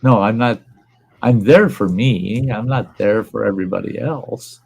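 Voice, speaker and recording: Gravelly older man, blunt. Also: fairly low pitch, unhurried, a little mellow, low-quality recording. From Upper Midwest US. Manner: blunt, plainspoken, swears freely. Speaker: livestream host. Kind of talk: casual chat.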